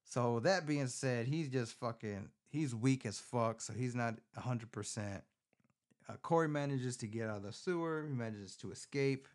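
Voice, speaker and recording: A man hosting a podcast, recapping a film in a casual, profane, rambling way with animated storytelling, recorded on a phone. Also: mid-range voice, normal speed. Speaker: podcast host.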